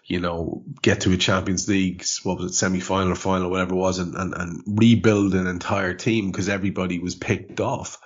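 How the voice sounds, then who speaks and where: Male podcast host, very deep husky voice, rambling animated chat, swears, muffled lo-fi sound. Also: brisk, few pauses.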